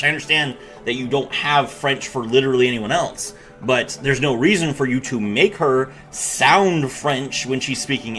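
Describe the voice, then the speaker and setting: A man's voice: mid-range voice, pushed and bright. A man giving casual, blunt commentary while rating game animations, with many filler words. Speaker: game reviewer host.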